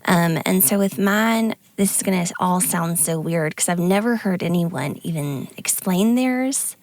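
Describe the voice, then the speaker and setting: A woman co-hosting a podcast, speaking earnestly and tearfully in a halting, confessional way. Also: fairly low pitch, no room sound. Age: adult with grown kids. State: tearful, near crying. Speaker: podcast co-host. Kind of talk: candid conversational podcast talk.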